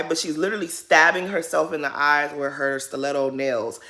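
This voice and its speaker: A woman's voice: deep voice, moderate pace. A woman giving casual, shady commentary on a reality show, ranting with sass. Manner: sassy, shady, animated ranting.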